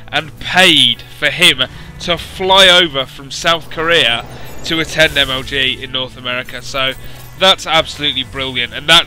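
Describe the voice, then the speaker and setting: A young man commentates a video game match in a loose, chatty way, full of asides and dry jokes at his own expense. His voice sits a little high and rings very bright, with a touch of hoarseness. Faint music plays underneath. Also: low-quality recording. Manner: chatty, rambling asides with dry self-mocking humour. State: slightly hoarse.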